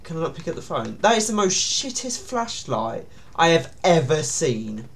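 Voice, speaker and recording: A man's voice: on the high side, very animated, normal speed, fairly bright tone. A man giving nervous, jumpy commentary on a horror game, with sudden startled yelps. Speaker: gaming YouTuber.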